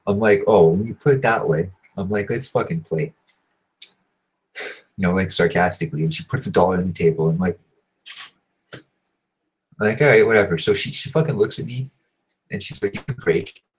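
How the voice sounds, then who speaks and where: A man telling a crude, rambling story, swearing constantly and filling every pause. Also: deep voice, slightly rough, rough recording. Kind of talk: profane storytelling monologue.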